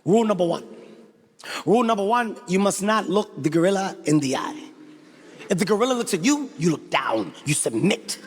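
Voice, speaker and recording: A man voicing an intense tour guide who is devoted to gorillas and gives solemn commands in a deep voice, breaking into grunts. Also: animated, moderate pace, slightly rough. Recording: echoey hall, faint background noise.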